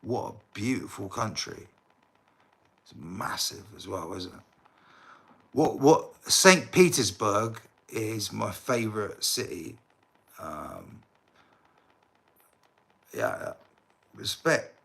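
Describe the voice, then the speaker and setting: An English man livestreaming in a loose, rambling way, speaking directly to the people in his chat. His voice is bright and forceful, and his delivery is slow and unhurried, with sudden indignant flare-ups. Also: fairly low pitch, very animated, creaky. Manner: rambling, talks straight to chat viewers, flares up in indignant bursts.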